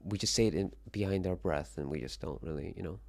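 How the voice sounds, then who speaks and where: Speaking low, fast, and gravelly, this young Korean livestream host chats casually by himself in response to his viewers' messages. His delivery is animated and jokey, full of rambling and plenty of profanity.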